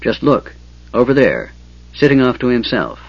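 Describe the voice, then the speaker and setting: A man voicing a stern young male knight, speaking low, grim and urgent. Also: sing-song, moderate pace, husky. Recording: dull lo-fi audiobook recording.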